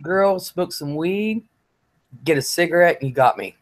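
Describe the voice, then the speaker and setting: A woman's voice: lowish voice, expressive, normal speed. A woman hosting a casual live chat, reading viewer comments aloud and laughing often with a playful, teasing manner. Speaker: host.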